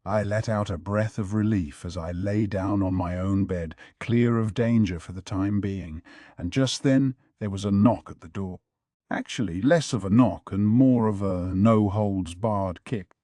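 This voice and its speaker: A man narrating a light novel audiobook in the first person, with a wry, measured delivery. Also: on the low side, mellow, no echo.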